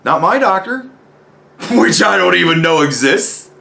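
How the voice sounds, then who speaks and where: A male host delivers a heated personal rant. His voice sits a little high and leaps around, full of exasperation and profanity. He keeps jabbing at the listener with rhetorical questions. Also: expressive, unhurried, creaky, sharp tone. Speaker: commentary host. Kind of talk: ranting personal commentary.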